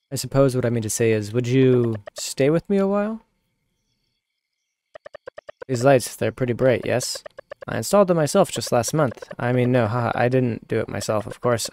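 A man's voice: medium pitch, creaky, a little mellow, a little hiss or hum, close to an everyday voice. A man reading as a shy young village woman. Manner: reading game dialogue aloud.

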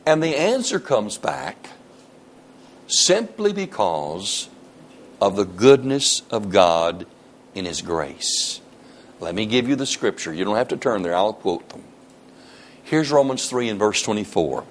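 Man, pastor, preaching a sermon; animated pitch, emphatic questions, reads scripture aloud. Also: unhurried.

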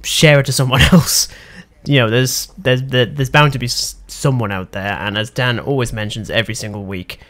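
A man's voice: medium pitch, fairly even intonation, moderate pace, few pauses, fairly bright tone. A young British man hosting a casual podcast chat, rambling a bit, with frequent ums and laughs. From Britain. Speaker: podcast host.

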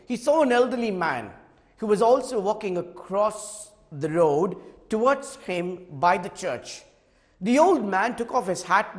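A man with a high voice gives a sermon, moving from quiet, reflective storytelling to fervent passages. His voice carries a long reverb, as in a big hall. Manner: storytelling, swings from hushed to fervent. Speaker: preacher.

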